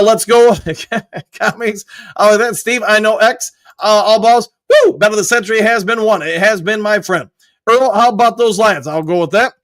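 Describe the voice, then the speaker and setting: A man with a high-pitched voice hosts a casual live stream. He reads viewer comments aloud in an upbeat way, with quick shout-outs and the odd whoop. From Michigan. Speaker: host reading live chat.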